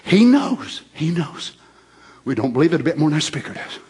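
Fervent preacher man, husky. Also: fairly high pitch, very animated, fairly quick. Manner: fervent, repetitive, rising to shouts. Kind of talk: sermon.

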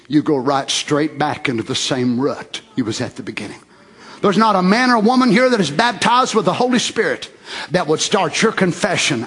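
A man preaching a fervent sermon, repeating phrases and rising to shouts. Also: high voice, animated, fairly quick, slightly rough.

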